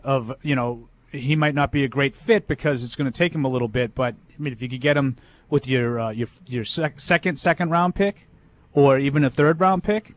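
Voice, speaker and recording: A man co-hosting a casual sports talk show, talking quickly with stammering restarts and joking asides. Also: mid-range voice. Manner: fast, stammering restarts, jokey. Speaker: co-host.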